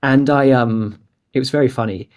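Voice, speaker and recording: A man's voice: medium pitch, normal speed, darkish tone. A man in his twenties from England, telling a candid, rambling startup story in a casual interview. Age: 20s; late 20s. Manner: candid, rambling, heavy use of "like". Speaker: guest, startup founder.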